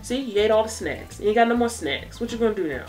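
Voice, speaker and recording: A young woman chats through a viewer Q&A in a relaxed, unscripted way, her pitch moving animatedly. She sits a little back from the mic, and faint music plays underneath. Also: fast talker, distant mic. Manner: chatty, laid-back, talks to her baby between answers. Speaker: beauty and hair vlogger. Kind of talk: casual Q&A vlog.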